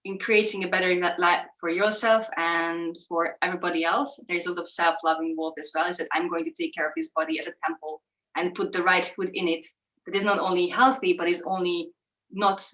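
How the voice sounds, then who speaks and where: A woman's voice: fairly low pitch, level tone, fairly quick, fairly bright tone, echoey room, low-quality recording. A woman co-hosting a home cooking show, chatting in a reflective, casual way and laughing often. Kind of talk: casual chat.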